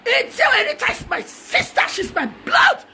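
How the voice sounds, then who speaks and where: Shrill shouting Nigerian woman. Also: very animated, moderate pace, a little hiss or hum. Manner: taunting, mocking, switches between languages. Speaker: social media personality. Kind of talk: heated shouting rant.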